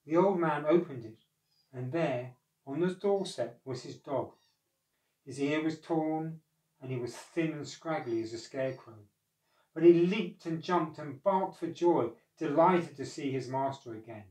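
A man narrating a storybook, measured and expressive. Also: fairly high pitch. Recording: echoey room, far from mic.

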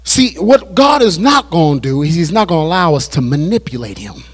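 A man preaching a sermon as pastor at a Bible study, repeating phrases and building to shouted climaxes. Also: a little high, very animated, fairly quick, husky. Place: church.

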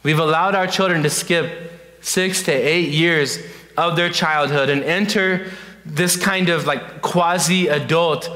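A man delivers an earnest youth pastor's talk, his voice bright and a little higher than most. He stops to repeat his points and fills gaps with "uh". The sound rings with the long reverb of a church sanctuary. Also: fairly even intonation, slow pace.

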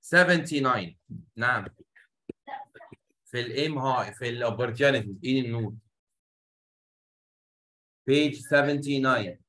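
Brief: Egyptian man, English teacher, switches between Arabic and English, rapid and sharp. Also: mid-range voice. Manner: explains in Arabic, mixing in English words. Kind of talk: classroom lesson explaining a reader.

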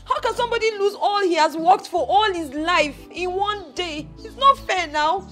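A woman's voice: very high voice, moderate pace, a bit bright, soft background music. An actress with a Nigerian accent playing a young woman in a film drama who wails and pleads with her father. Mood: distraught. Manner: wailing, pleading. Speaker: grieving daughter. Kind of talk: Nollywood film acting.

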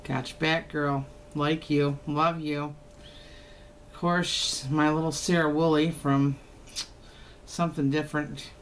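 A woman's voice: low voice, level tone, slow, long pauses, slight background noise. An older woman, chatting casually to camera at home in a teasing, folksy way. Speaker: haul vlogger. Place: home, indoors.

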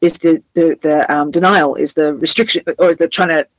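A woman's voice: deep voice, fairly even intonation, moderate pace, no room sound, poor audio. A woman co-hosting a casual heart-to-heart chat, reflective and rambling as she searches for words. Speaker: co-host.

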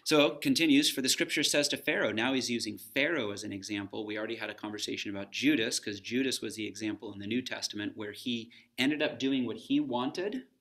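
A man's voice: medium pitch, fairly quick, hardly any pauses, a bit bright. A man teaching a recorded Bible lesson for students, talking in a conversational way and stopping to pose questions.

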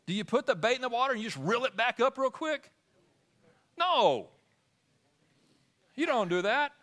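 A man's voice: very high voice, big pitch swings, normal speed, fairly bright tone. A man preaching a sermon in church, asking the congregation questions as he talks. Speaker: pastor. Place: church sanctuary.

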